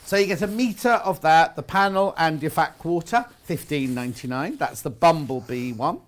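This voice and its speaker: A man's voice: fairly high pitch, lively intonation, normal speed. A man presenting a live shopping channel show, chatty and upbeat with small jokes.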